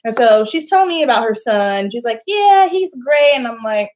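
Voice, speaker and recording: In a casual vlog, a young beauty vlogger recounts a personal story to camera with a voice on the high side and a fairly quick pace. She performs the voices of the people in it, animated and laughing often.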